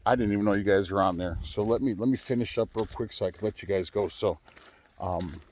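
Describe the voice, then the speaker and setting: A man's voice: on the low side, fast talker, darkish tone, slight background noise. A man, a truck driver, chatting casually to his viewers in a rambling way, full of fillers and restarts.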